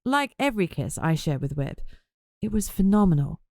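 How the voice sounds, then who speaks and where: Low-voiced woman narrating a novel. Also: very animated, normal speed, a little mellow, no room sound, studio quality. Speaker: audiobook narrator. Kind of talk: first-person novel narration.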